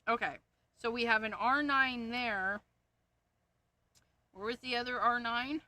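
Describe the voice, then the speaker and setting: A woman hosts a crafting livestream, muttering to herself as she sorts markers and reads their codes aloud, easily amused by her own jokes. Her voice sits on the high side, bright and forceful, and she talks a little slowly. The sound is dry, with no echo.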